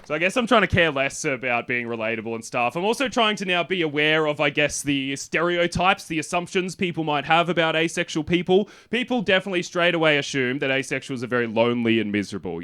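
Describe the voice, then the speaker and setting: Australian male stand-up, dry self-mocking delivery, a touch high-pitched, live club mic. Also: a bit bright. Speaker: stand-up comedian. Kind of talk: stand-up comedy set. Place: comedy venue with live audience.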